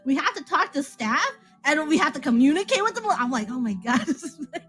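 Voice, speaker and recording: A woman with a very high voice, chatting casually and giggling between her phrases. Faint music plays under her in this played clip. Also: sing-song, brisk, fairly bright tone. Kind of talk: casual chat.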